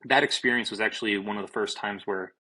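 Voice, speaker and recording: A young man, a baseball pitcher and podcast guest, telling a story in an animated, casual way, swearing freely and restarting his sentences. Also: quick pace, slightly rough, low-quality recording. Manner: animated, self-described fiery, swears freely, many restarts.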